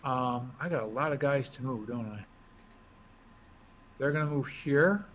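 A man talking through his moves as he explains a board game, thinking out loud in a casual way. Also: medium pitch, measured pace. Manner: chatty, thinks aloud while moving pieces. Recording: dull lo-fi recording with faint hiss.

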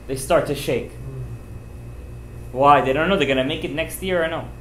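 A man, a rabbi giving an informal sermon, telling stories with emphatic, animated delivery and sprinkling in Hebrew and Yiddish terms. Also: fairly high pitch, normal speed, pauses often, slight background noise. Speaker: rabbi giving a Torah class. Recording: roomy echoey room.

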